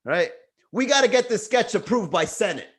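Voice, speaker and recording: A man's voice: high voice, lively intonation, brisk, husky. A man hosting a comedy livestream, chatting casually in a rambling, jokey way and reading viewer comments aloud. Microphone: webcam or desk mic for a livestream.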